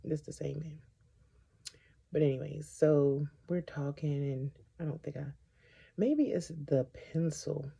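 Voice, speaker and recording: A woman's voice: low-pitched, a little slow, creaky, mellow, husky. A woman vlogger chatting through a casual storytime while doing her makeup, getting sidetracked and animatedly retelling what people said.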